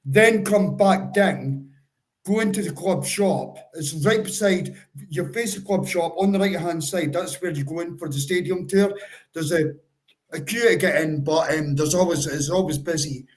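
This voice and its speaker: His voice runs on the high side, at normal speed, and the recording is low quality. As a co-host of a football fan livestream, he keeps things casual, calls listeners "bro," and walks through advice step by step in a halting way.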